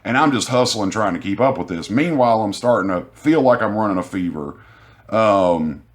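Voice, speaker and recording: A man's voice: fairly low pitch, expressive, moderate pace. A man telling a vlog story about his cashier job in a frustrated, profane, rambling way, sounding sick with a sore throat. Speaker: grocery store cashier.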